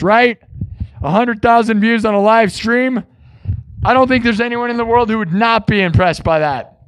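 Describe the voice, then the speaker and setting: A man's voice: high voice, clean tone. A man from Iowa hosting a livestream, chatting in a rambling, playful, self-mocking way. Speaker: livestream music host. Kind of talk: casual livestream chat.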